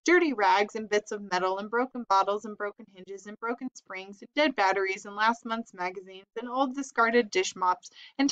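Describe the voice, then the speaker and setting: A woman reading a children's chapter book aloud in a steady storytelling manner. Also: medium pitch, no echo, lo-fi sound. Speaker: reader.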